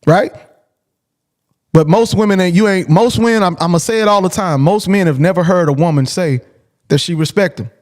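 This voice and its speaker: A man's voice: high-pitched, moderate pace, a little mellow. A man hosting a call-in show, talking casually and bluntly, repeating his points for emphasis. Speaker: host.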